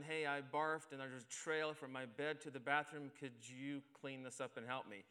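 Bright, clear-voiced male pastor preaching. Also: medium pitch. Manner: storytelling, self-deprecating, conversational. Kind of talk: sermon.

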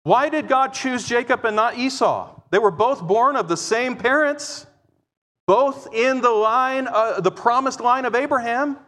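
A man preaching with a fairly high voice that rings with a long reverb through a large hall. He swings between loud, emphatic declarations and quiet, explaining asides. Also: expressive, unhurried. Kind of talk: sermon.

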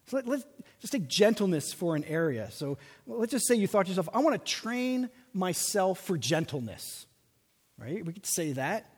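A man preaching a sermon as pastor, animated, slowing down to stress his points. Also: high voice, breathy edge. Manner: animated preaching with slow emphatic stretches. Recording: long reverb of a large hall.

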